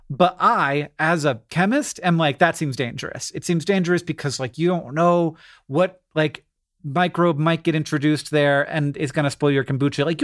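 A middle-aged man co-hosting a podcast, chatting casually in a rambling, self-deprecating way and doing the ad reads. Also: fairly high pitch. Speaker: podcast co-host.

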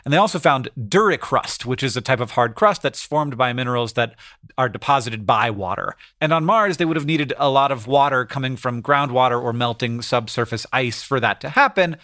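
A man's voice: medium pitch, lively intonation, a little fast, pushed and bright, no room sound, studio quality. A man co-hosting a casual podcast, playful and rambling, reading science news with offhand asides. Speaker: podcast co-host.

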